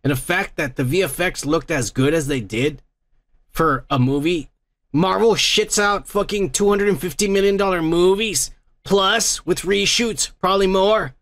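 A man's voice: sits high, moderate pace, fairly bright tone, no room sound. A man hosting a comedy podcast, ranting crudely and mockingly with constant swearing. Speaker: podcast host.

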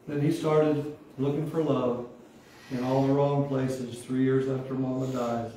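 A man's voice: medium pitch, little pitch movement, a little slow, dark tone. A man in his sixties, a pastor, giving an emotional testimony sermon with fervent call-and-response. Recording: echoey hall from far off, faint noise.

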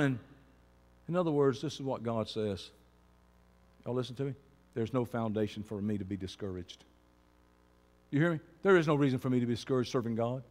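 A man preaching a sermon as pastor, moving from quiet talk to shouting. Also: medium pitch, a little fast, in a large hall.

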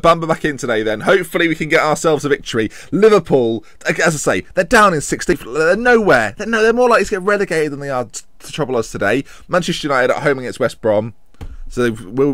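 A young man commentating his own football management game, jokey and self-mocking, swinging between excitement and muttered asides. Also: medium pitch, no room sound, studio quality. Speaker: gaming commentator. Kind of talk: casual gameplay commentary.

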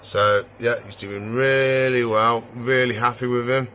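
A man's voice: mid-range voice, a little slow. A man casually chatting while showing his pet animals and tanks, rambling along with lots of easygoing fillers. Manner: rambling, relaxed, many "so yeah" fillers. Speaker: exotic pet keeper and vlogger.

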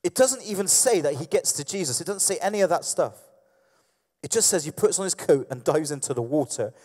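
A man preaching in a casual, conversational way, stumbling through fillers and restarts as he acts out the story. His voice sits a little high for a man. It carries a long reverb from the church hall. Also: animated, a little fast, a little mellow. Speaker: pastor. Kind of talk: sermon.

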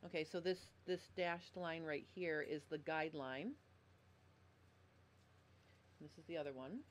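Low-pitched and steady in tone, a woman takes her time explaining a sewing project step by step during a live-streamed tutorial at her desk mic. As the instructor, she keeps the talk chatty and apologizes for audio issues. A little hiss or hum is present.

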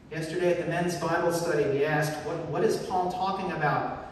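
A man's voice: fairly high pitch, fairly even intonation, moderate pace, slight background noise. A man preaching a sermon with earnest emphasis, recorded on a phone in a church sanctuary. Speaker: pastor. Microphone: phone recording from the pews. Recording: echoey church hall from far off.

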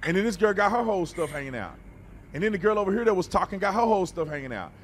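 A man with a slightly high voice gives casual reaction commentary, blunt and preachy, stumbling over repeated words. Faint ambient noise sits behind him. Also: lively intonation, rapid-fire. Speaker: reaction video host.

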